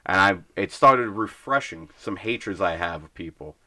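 Brash young man ranting, bright voice. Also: sits low, lively intonation, moderate pace, no echo. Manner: blunt, ranting, acts out voices in stories. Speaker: podcast co-host. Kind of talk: casual podcast chat.

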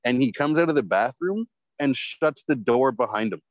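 Man spinning a long anecdote, profane and rambling, even mid pitch. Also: normal speed, no echo, poor audio. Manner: rambling, heavy swearing, lots of fillers. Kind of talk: casual storytelling chat.

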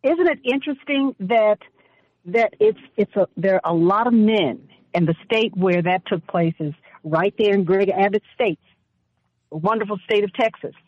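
A woman on a radio talk show giving impassioned commentary and telling a personal story, speaking emphatically and deliberately, with repeated phrases. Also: mid-range voice, no echo. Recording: dull lo-fi radio audio.

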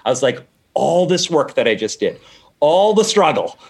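A man's voice: fairly high pitch, moderate pace, vocal fry, husky. A middle-aged man on a podcast, telling a long story in casual chat, acting out the other people's lines and cursing freely. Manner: animated, acts out quoted dialogue, swears casually.

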